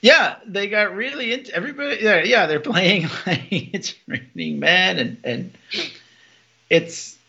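A man co-hosting a podcast, chatting casually and laughing as he retells TV scenes with quick quoted lines. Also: sits high, expressive, gravelly, sharp tone. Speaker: podcast co-host. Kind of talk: casual episode recap chat. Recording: dull lo-fi podcast mic.

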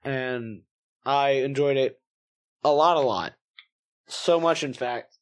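A man's voice: mid-range voice, slow pace. A man co-hosting a casual podcast movie review, rambling with frequent restarts and playful swearing. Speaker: podcast co-host.

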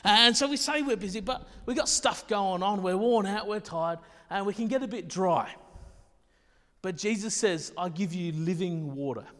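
An Australian man with a high-pitched voice preaches a sermon in an easygoing, conversational style. He often restarts and repeats his words and drops in self-deprecating asides. His voice rings out with the long reverb of a large church hall. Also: normal speed, fairly bright tone.

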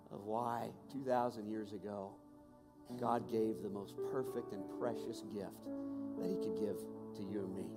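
A man preaching a sermon and telling a personal story, swinging between hushed and raised voice with passion. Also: on the low side. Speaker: pastor. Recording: long hall reverb with music behind.

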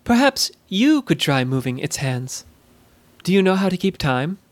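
A man's voice: high voice, big pitch swings, normal speed, dry recording. A man voicing a polite, clever young girl in a storybook tale, speaking courteously and coaxingly. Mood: gentle.

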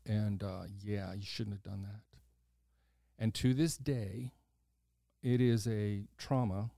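Mellow-voiced older man telling a story. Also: lowish voice, slow pace, creaky, no room sound, studio quality. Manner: animated storyteller who acts out quoted voices, blunt and swears casually. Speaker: podcast host. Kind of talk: casual storytelling conversation.

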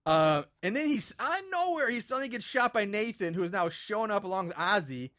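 Podcast co-host, male, bright voice, casual profane movie recap. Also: high voice, very animated, a little fast. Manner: loose, profane plot recap with restarts. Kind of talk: casual chat.

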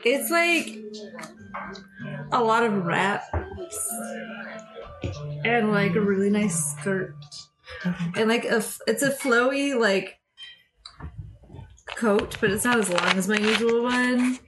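A woman's voice: on the high side, slow pace, long pauses, over music, poor audio. A woman playing a tabletop game who rambles through descriptions and fills them with "like". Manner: rambling, heavy use of "like". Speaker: player.

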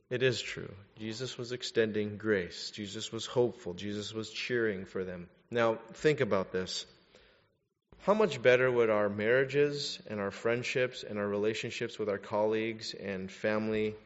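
A male pastor preaching a sermon, emphatic and full of rhetorical questions. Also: on the low side. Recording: echoey hall, dull lo-fi sound.

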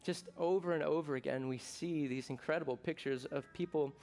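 A middle-aged American pastor preaches a sermon in a slightly high voice at a fairly quick clip. He's conversational and jokey, breaking into bursts of excitement.

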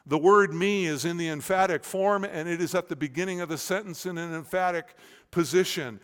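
A man preaching an expository sermon, swinging between forceful stressed words and quiet, searching questions. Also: a little high, normal speed, clear, resonant tone. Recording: long reverb of a large hall.

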